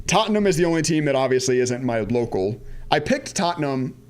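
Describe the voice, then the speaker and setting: A man's voice: medium pitch, animated, a little fast, a little hiss or hum. A man in his thirties from the Washington DC area, chatting casually on a trading live stream, rambling, answering viewer chat and laughing at himself. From United States, Washington DC area. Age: 30s. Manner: laughs at himself, goes off on tangents.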